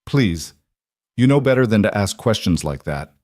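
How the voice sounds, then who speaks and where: A crisp, controlled female colonel who talks in orders, as a male narrator puts her on. The delivery stays cool and clipped, in a fairly low, plain voice. The recording is dry and close. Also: sing-song, normal speed, darkish tone, no echo. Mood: cool commanding.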